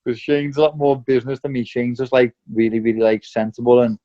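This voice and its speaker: A man's voice: medium pitch, fairly even intonation, fairly quick, dark tone. A young man, a professional boxer speaking candidly and bluntly in an interview, swearing freely and calling people "mate" and "lad". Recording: slightly dull lo-fi audio.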